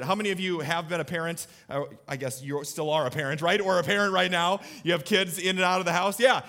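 A man's voice: on the high side, sharp tone. A man in his thirties, a pastor giving a sermon to a live audience in a church, talking conversationally and putting questions to the listeners. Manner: conversational, asks the audience questions, tells family stories.

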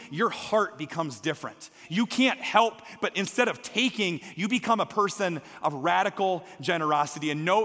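A man in his thirties preaching a sermon, shifting between hushed near-whispers and emphatic, rising calls. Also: sits high, big-room sound. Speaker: pastor.

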